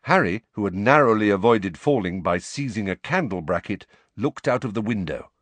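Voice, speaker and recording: Low, animated male audiobook narrator. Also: normal speed, no room sound. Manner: expressive, varied delivery. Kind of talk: scripted storybook narration.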